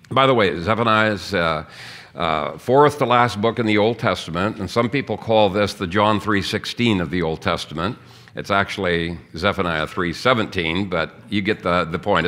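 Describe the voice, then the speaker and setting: Low-voiced pastor man preaching in church, earnest, teaching from scripture. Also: fairly bright tone. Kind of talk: sermon.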